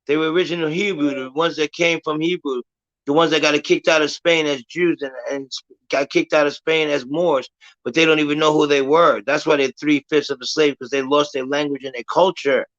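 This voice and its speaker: A man hosting a live stream, explaining his views in a measured, lecturing way and trying to keep things logical. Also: a little high, muffled recording. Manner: measured, lecturing, says he wants to stay calm and logical. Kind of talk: casual talk on a live stream.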